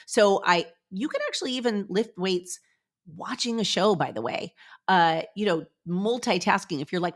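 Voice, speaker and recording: A woman's voice: medium pitch, normal speed. A middle-aged woman hosting a motivational solo podcast from her office, upbeat and chatty, talking straight to her listeners. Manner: upbeat, chatty, animated, addresses listeners directly. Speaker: podcast host.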